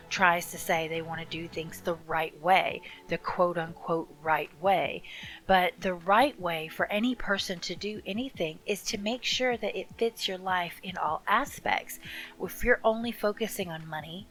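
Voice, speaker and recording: A woman's voice: on the low side, fairly bright tone, poor audio. A woman giving a tarot reading, speaking earnestly and encouragingly straight to the viewer. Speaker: tarot reader. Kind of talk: casual tarot reading to camera.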